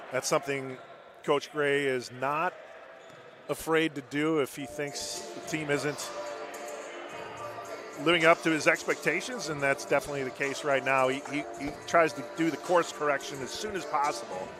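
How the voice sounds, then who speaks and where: A man giving basketball color commentary in a calm, measured way. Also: on the high side, music in the background.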